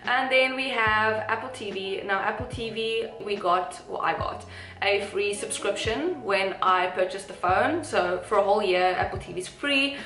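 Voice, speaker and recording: A woman's voice: medium pitch, moderate pace, bright, forceful tone. Chatty South African woman vlogger. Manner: chatty, rambling, giggly asides. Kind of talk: casual chat. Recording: echoey room with faint music.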